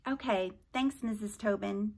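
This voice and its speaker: A woman's voice: mid-range voice, measured pace, vocal fry, darkish tone. A woman voicing an eager, friendly teenage boy who talks in an earnest, upbeat way.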